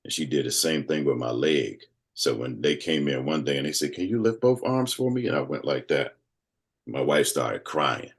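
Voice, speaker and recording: A man in his fifties, a guest telling a personal story in casual conversation, animated and acting out other people's voices. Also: rumbling low, normal speed. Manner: animated storyteller who acts out quoted voices.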